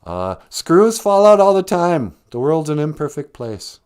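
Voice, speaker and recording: A man's voice: fairly high pitch, sing-song, a little slow, darkish tone, clear, resonant tone, voice pushed up. A man voicing a defiant, rebellious teenage boy who talks back mockingly.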